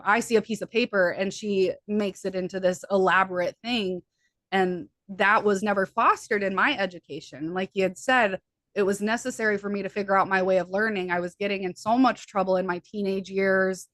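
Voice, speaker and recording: A woman hypnotherapist from the USA, a middle-aged mother, talking fast and earnestly as a guest in an interview. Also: mid-range voice, fairly bright tone, dry recording. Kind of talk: conversational interview.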